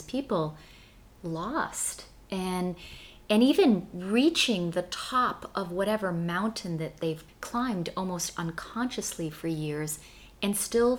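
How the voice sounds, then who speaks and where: A woman co-hosting, speaking earnestly and quickly in an uplifting tone. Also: fairly low pitch. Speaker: co-host, meditation teacher. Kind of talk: casual conversation.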